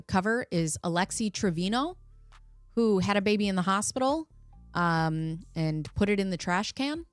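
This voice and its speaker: A woman with a medium-pitched voice and no echo hosts a casual livestream from America. She's chatty and jokey, laughing often as she reads out viewer comments.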